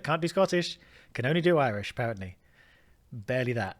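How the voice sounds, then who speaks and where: A man's voice: medium pitch, lively intonation, a little fast, pauses often, faint music behind. An English man giving casual gameplay commentary, musing aloud and poking fun at himself. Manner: musing aloud, self-deprecating. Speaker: let's play host.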